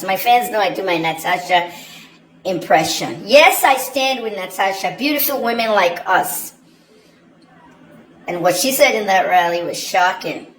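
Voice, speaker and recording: A woman's voice: mid-range voice, fairly bright tone, slight background noise. Indignant woman in echoey room. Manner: opinionated, indignant, chatty. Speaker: journalist and commentator. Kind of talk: direct-to-camera commentary. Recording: echoey room with faint ambience.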